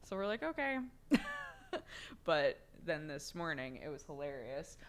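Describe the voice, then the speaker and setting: Low-voiced, unhurried young woman streamer. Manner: chatty storytelling with frequent laughter and swearing. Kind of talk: casual chat.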